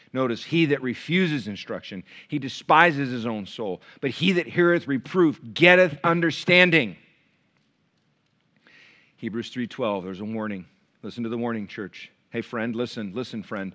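A man pastor preaching a sermon, swinging from loud, pleading climaxes to quiet, intimate stretches. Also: medium pitch. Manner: preaching with sudden loud rises and soft drops.

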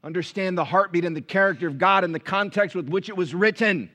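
Bright high-pitched man preaching. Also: quick pace. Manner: animated preaching with rhetorical questions, dropping to quiet asides. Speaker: pastor. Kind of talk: sermon.

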